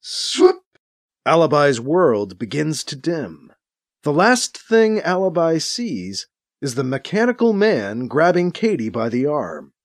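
Male narrator, dramatic audiobook reading, lively pitch, slightly high voice. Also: measured pace, no echo, clean studio sound. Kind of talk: audiobook narration, acting out scenes.

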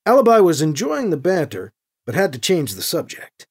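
Brief: lively, animated storyteller of middle pitch, reading narration and voicing all the parts. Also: normal speed, breathy edge. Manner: even storytelling, voicing each character. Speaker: audiobook narrator.

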